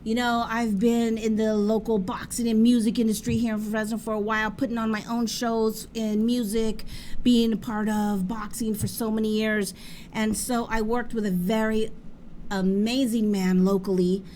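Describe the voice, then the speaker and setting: A woman hosts a casual talk show, spinning stories with lively energy and frequent laughter. Her voice sits a little on the high side, with faint background noise in the room. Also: normal speed. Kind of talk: casual chat.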